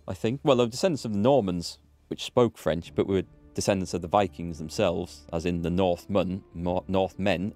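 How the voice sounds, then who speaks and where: A man with a low-pitched voice talks his way through a strategy game in a chatty, rambling manner. He thinks out loud and pokes fun at himself as he plays. Game music plays faintly in the background. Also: no room sound. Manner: chatty, rambling, self-deprecating. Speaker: let's play host. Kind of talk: casual gameplay commentary.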